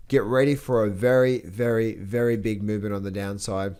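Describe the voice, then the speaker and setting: Aussie guy ranting about charts, blunt, repeats himself a lot, mid-pitched voice. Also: fairly even intonation, normal speed, clear, resonant tone. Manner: blunt, rambling, repeats words, laughs at own jokes. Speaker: trading educator. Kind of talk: casual market commentary.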